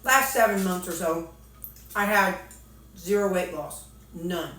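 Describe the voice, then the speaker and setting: On the low side and measured in pace, this woman's slightly bright voice echoes in a reverberant room. She vlogs about weight loss, has a Missouri accent, and chats jokingly in a folksy manner while eating with her mouth full.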